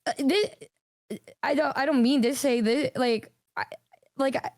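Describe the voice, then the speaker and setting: A woman streamer chatting casually with a friend, animated and playful, with frequent swearing. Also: sits high, unhurried, no echo, clean studio sound.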